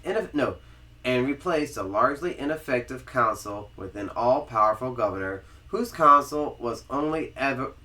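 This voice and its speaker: A Southern American man reads a history book aloud on a casual podcast, stumbling over words and restarting. His voice is bright and lively, moving freely up and down in pitch. The tone stays informal and chatty. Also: moderate pace. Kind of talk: casual read-aloud with banter.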